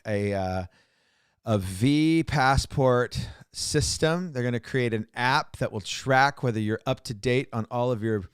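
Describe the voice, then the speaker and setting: A man co-hosting a casual podcast, his speech smooth and resonant. He rambles and repeats himself, with joking, sarcastic asides, and the studio sound is close and dry. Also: mid-range voice, no room sound. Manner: rambling, repeats words and restarts often. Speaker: podcast co-host. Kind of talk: casual chat.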